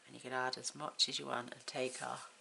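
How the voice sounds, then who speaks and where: Woman from the UK, very low voice, friendly craft-channel host talking through a tutorial at home, noticeable background noise. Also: flat delivery, a little fast, vocal fry, sharp tone, low-quality recording. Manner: chatty, counts items aloud, talks while working.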